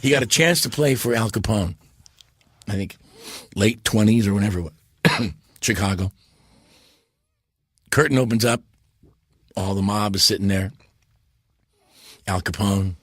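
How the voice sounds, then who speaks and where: Husky-voiced man telling animated stories. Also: lowish voice, a little slow, long pauses, no room sound, clean studio sound. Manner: animated, jumps into character voices. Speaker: guest. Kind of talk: casual interview storytelling.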